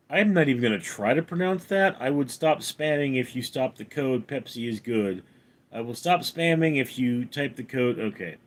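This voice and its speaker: Slow, lively-pitched male streamer reading chat. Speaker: livestream host. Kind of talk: reading live chat aloud.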